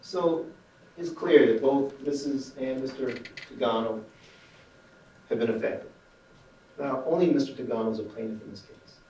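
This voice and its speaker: A man's voice: mid-range voice, normal speed, pauses often, dark tone, slight background noise. A male attorney delivering a closing argument, speaking emphatically to the jury. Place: echoey courtroom. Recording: echoey courtroom recording from far off.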